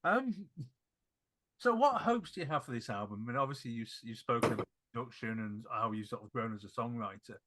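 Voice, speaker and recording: A man's voice: medium pitch, lively intonation, brisk, background noise. A man hosting a music podcast, asking chatty, thoughtful questions. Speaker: podcast host. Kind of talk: interview questions.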